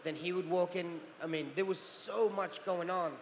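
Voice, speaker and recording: A man in his forties tells stories on a convention stage, animated and quick to act out other people's voices between laughs. His voice sits fairly high for a man. Long hall reverb carries it, with a faint murmur of ambience underneath. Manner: animated storyteller, acts out voices, laughs often. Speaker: convention panel guest, actor. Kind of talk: storytelling Q&A on stage. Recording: roomy hall reverb with faint crowd noise.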